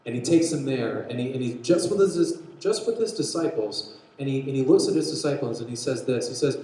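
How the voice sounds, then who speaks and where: Man, preacher, animated storytelling, acts out quotes, medium pitch, very echoey hall. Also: fairly quick. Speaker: pastor. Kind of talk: sermon.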